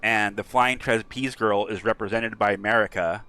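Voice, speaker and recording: A male streamer tells a story in a loose, rambling way, full of fillers and restarts. His voice sits fairly low, and he gets animated as he goes. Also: moderate pace. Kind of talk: casual storytelling about a game character.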